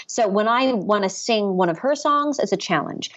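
A woman impressionist being interviewed over the phone, talking in animated, chatty bursts and correcting herself as she goes. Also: medium pitch, moderate pace, muffled recording. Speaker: impressionist guest. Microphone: phone line.

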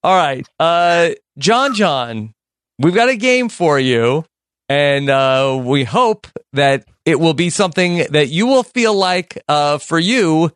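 A man's voice: on the high side, lively intonation, slow, fairly bright tone, clean tone, dry recording, clean studio sound. A man hosting a mock game show over a video call, rambling through his lines with lots of fillers.

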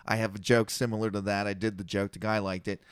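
A young man co-hosting a casual comedy podcast, telling stories with lively jumps in pitch. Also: fast talker, clean tone, no echo, clean studio sound. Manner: animated storyteller, jumps pitch for quoted voices. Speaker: podcast co-host.

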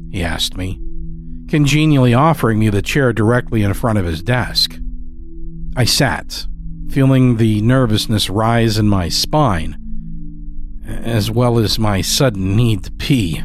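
A man narrating a dark, humorous story in a measured, descriptive way. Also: fairly low pitch, soft background music. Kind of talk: scripted horror story narration.

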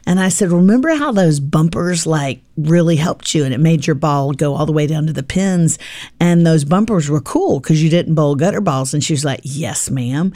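Woman, middle-aged, low voice, mellow tone, dry close sound, storytelling guest. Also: moderate pace, no echo. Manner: warm storytelling, acts out dialogue with her daughter. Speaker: podcast guest, author. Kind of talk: casual faith podcast chat.

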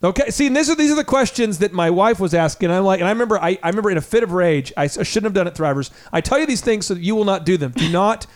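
A man's voice: sits high, animated, rapid-fire, few pauses. A male radio show host who talks energetically and emphatically, speaking straight to his listeners. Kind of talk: radio talk show interview.

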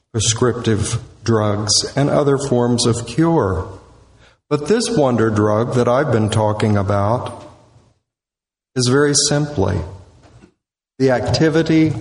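A male minister preaching a sermon in short, deliberate, measured phrases. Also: medium pitch, darkish tone. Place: church sanctuary. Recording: echoey hall with long reverb.

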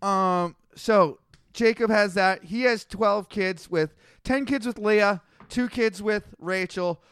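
A man co-hosting a comedy podcast, telling stories in a crude, rapid-fire way and slipping into mock voices for the people in them. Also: high voice, a bit bright, clear, resonant tone, no room sound, clean studio sound. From Canada. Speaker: podcast co-host. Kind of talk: casual comedic retelling.

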